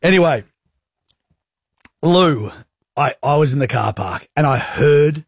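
Husky Australian radio host, lively. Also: male voice, on the high side, slow, no echo, clean studio sound. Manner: animated storyteller, laughs often. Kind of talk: casual radio banter. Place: radio studio.

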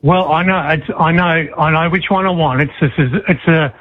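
A middle-aged man on a phone call to a radio show, eager and excited. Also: a little high, a little fast. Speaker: caller, prize winner. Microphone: phone line.

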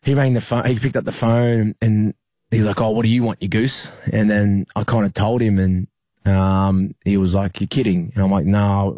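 A young Australian man, a rugby league player, recalling a hard time in an interview, halting with many fillers and restarts. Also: on the low side, darkish tone, no room sound, studio quality. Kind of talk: emotional interview recollection.

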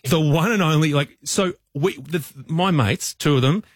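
Husky radio co-host. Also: male voice, fairly high pitch, normal speed, no echo. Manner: animated storyteller, self-mocking. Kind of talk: casual radio banter. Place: radio studio.

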